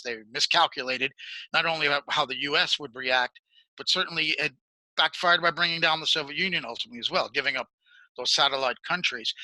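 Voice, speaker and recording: A man's voice: fairly high pitch, bright, forceful tone, no echo, low-quality recording. A man interviewing a guest, asking long, earnest multi-part questions. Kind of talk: political interview.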